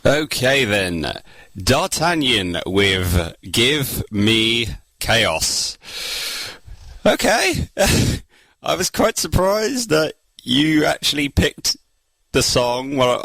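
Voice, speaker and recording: A man's voice: medium pitch, fairly bright tone, dry recording, low-quality recording. A man hosting a podcast and judging a contest, rambling with lots of fillers. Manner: rambling, hesitant, many fillers. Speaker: contest judge and podcast host.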